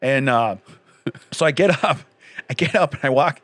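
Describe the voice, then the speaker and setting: A man's voice: mid-range voice, animated, normal speed, fairly bright tone, no room sound. A man in his forties co-hosting a casual chat, telling a rambling story and laughing often.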